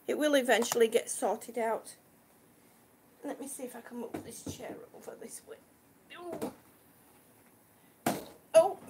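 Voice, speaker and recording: A woman's voice: high-pitched, a little mellow, slight background noise. A woman hosting a casual live stream, a little out of breath, greeting her viewers effusively as sweetie and honey.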